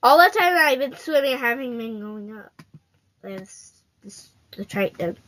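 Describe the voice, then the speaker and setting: A woman's voice: a little high, lively intonation, moderate pace, a bit bright. A female gaming host giving casual, playful commentary straight to her viewers while she plays.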